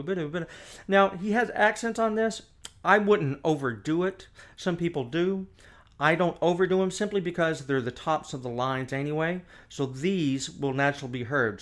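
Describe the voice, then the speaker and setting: A man explains phrasing in a relaxed, conversational teaching voice. He breaks into scatted nonsense syllables to show the melodies. The sound comes from a camera mic in an indoor room. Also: medium pitch. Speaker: music teacher. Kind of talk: casual instructional talk.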